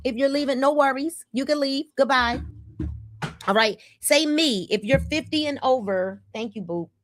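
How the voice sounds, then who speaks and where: A woman in her fifties hosting a casual livestream, energetic and repeating calls for viewers to comment. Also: high-pitched, moderate pace, slight background noise. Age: 50s. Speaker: livestream host.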